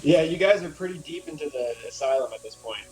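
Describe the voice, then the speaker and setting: A man's voice: a little high, lively intonation, fast talker, a little mellow, faint music behind, low-quality recording. A man running a tabletop game as game master, describing scenes in a loose, rambling way, full of fillers and swearing.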